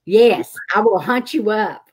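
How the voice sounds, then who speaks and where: A woman's voice: medium pitch, slow pace, darkish tone, husky. A woman, a filmmaker guest on a video call, telling stories and laughing often. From Texas, USA. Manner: chatty, storytelling, laughs often. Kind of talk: casual interview chat.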